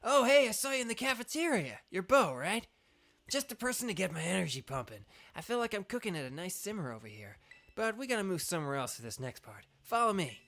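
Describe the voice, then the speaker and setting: A man's voice: sits high, sing-song, fast, bright, forceful tone, pitched above the performer's own voice, exaggerated voice. A man voicing an upbeat young male trainer obsessed with cooking, talking eagerly with food puns.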